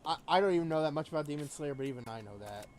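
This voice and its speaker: A man's voice: fairly high pitch, lively intonation, rapid-fire, slight background noise. A young man streaming a game, telling a rambling story full of fillers. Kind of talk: casual gaming stream chat.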